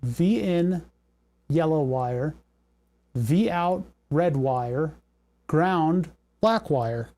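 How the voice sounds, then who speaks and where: A man's voice: on the high side, expressive, drawn-out words, pauses often, warm tone. A young man hosting a livestream, talking through electronics troubleshooting, muttering and swearing as things go wrong. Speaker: livestream host. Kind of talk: casual livestream electronics tinkering.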